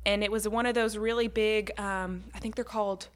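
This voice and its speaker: A woman's voice: mid-range voice, steady tone, moderate pace. A young woman in casual chat, telling a story with frequent fillers and laughs. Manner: chatty storyteller, laughs often, says "like" and "um" a lot.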